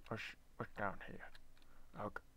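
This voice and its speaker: A man's voice: a little slow, pushed and bright, in a whisper. A young man playing a video game at his computer, muttering to himself, swearing and breaking into panicky outbursts. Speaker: gamer. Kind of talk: let's play commentary.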